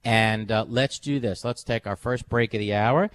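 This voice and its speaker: A middle-aged man hosting a radio show, telling a story in a casual, animated way and acting out the voices of the people in it. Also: on the low side, normal speed. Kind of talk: casual on-air chat.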